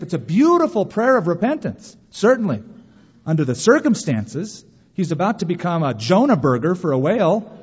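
A man preaches a lively sermon in a large hall. His voice sits a little high and rings out with a long reverb, and the sound is a bit dull and muffled. He slips into mocking, whiny voices to make a point. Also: breathy edge. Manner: animated preaching, mimics whiny voices for emphasis. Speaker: pastor.

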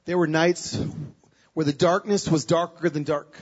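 A man giving a sermon as a guest speaker, telling a personal story with emotion, moving between hushed and loud, pleading passages. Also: fairly high pitch, steady tone, a little slow, lo-fi sound.

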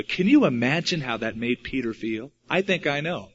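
Male preacher, fairly high voice, dramatic storytelling sermon, dull lo-fi recording. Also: big pitch swings, normal speed, few pauses, a bit bright, slightly rough. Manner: dramatic, acts out quotes with shifting pitch and volume.

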